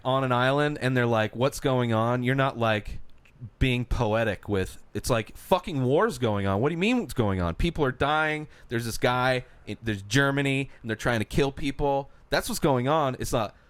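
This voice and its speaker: A man's voice: medium pitch, moderate pace, clean tone, no echo. A man co-hosting a podcast, ranting and swearing casually as he reviews a movie. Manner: ranting, profane, animated. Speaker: podcast co-host.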